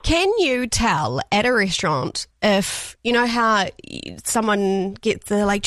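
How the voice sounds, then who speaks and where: एक न्यूज़ीलैंड लहजे वाली महिला रेडियो होस्ट, जो सुबह के शो में गपशप भरे, खेलखूद अंदाज़ में सवाल पूछती है।. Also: female voice, medium pitch, sing-song, normal speed, hardly any pauses, a bit bright, no room sound, clean studio sound. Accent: New Zealand. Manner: chatty, playful, stumbles over words. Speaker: radio breakfast host. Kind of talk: radio interview.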